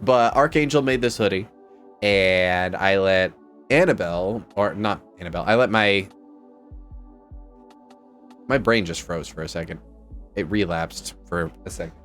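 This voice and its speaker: A man chatting casually on a home live stream, rambling and excitable as he jumps from topic to topic. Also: sits low, unhurried, long pauses, faint music behind. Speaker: VTuber streamer.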